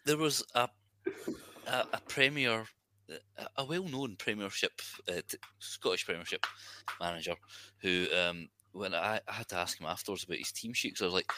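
Deep bright-voiced man telling a story. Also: normal speed, dry recording. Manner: anecdotal storyteller, laughing asides. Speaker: podcast co-host. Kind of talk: casual chat.

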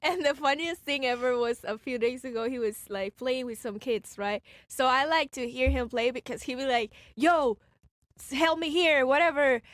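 A woman telling a story on a podcast, giggly and animated. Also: high voice, normal speed, few pauses, no echo, clean studio sound.

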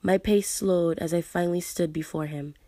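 A woman reading a dramatic story aloud in a hushed, sometimes breathy voice, and later chatting casually about the book. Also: on the low side, steady tone, moderate pace, no echo. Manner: hushed, at times breathy narration. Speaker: reader and book reviewer.

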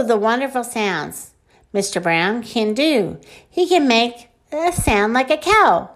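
A woman reads a children's picture book aloud, her fairly high voice swooping widely up and down. She takes it slow and clear, like storytime, and throws herself into playful sound effects. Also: lively intonation.

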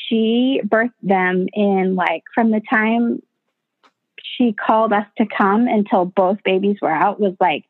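A woman's voice: medium pitch, dry recording. Chatty midwife woman on a tinny line. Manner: animated, acts out quoted voices, many fillers. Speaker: home birth midwife, guest. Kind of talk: casual interview storytelling. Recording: dry, tinny phone-like sound.

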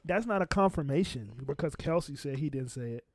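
A high-voiced man in loose podcast banter, pushing back hard on everyone and swearing freely. The recording is dry and close, with no room sound at all. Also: animated, brisk, no echo. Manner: argumentative, profane, talks over others. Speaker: podcast co-host.

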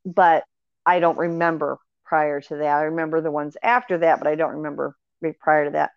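Woman guest, lowish voice, earnest rambling storyteller, lo-fi dry recording. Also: fairly even intonation, brisk, vocal fry, clean tone, no room sound. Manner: earnest, rambling with fillers and restarts. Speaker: guest sharing paranormal experiences. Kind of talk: casual conversational storytelling. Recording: dry, dull lo-fi audio.

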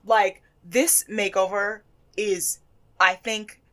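A young woman co-hosting a casual chat recap, animated and quick to laugh. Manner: animated, laughs often, breaks into a high squeal. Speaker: podcast co-host.

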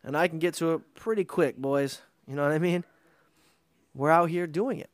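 A man hosting a podcast, ranting in a casual, profane, animated way and mocking others with put-on voices. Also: fairly high pitch, normal speed, no echo. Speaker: podcast host. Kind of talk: casual rant.

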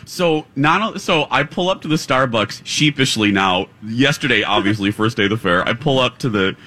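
A man's voice: mid-range voice, animated, moderate pace, pushed and bright. A man hosting live morning radio, telling a joking story and laughing often. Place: live broadcast from a theater stage.

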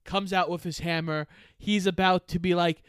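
High, smooth-voiced man recapping a plot. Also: steady tone, moderate pace, fairly bright tone, no room sound, clean studio sound. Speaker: podcast co-host. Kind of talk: casual movie discussion, plot recap.

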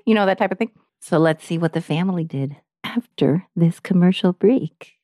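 A woman's voice: medium pitch, animated, brisk, darkish tone, no echo, clean studio sound. A woman co-hosting a true-crime podcast in casual chat, blunt and often laughing. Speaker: podcast co-host.

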